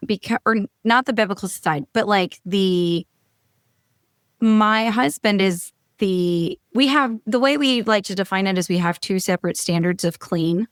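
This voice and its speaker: A woman hosts a podcast chat and thinks out loud. She laughs between remarks. The recording is dry and close. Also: mid-range voice, a little slow, dry recording. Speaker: podcast host.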